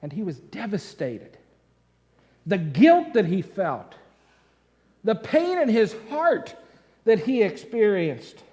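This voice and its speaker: A male pastor, preaching a sermon as dramatic storytelling that swings between loud and hushed. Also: sits high, sing-song, slow pace, pauses often, big-room sound. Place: church sanctuary.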